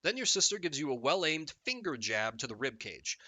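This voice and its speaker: A man's voice: fairly high pitch, brisk, hardly any pauses, no echo. A man streaming a text game live, reading the story aloud and joking about it. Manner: jokey, animated, reads game text and riffs on it.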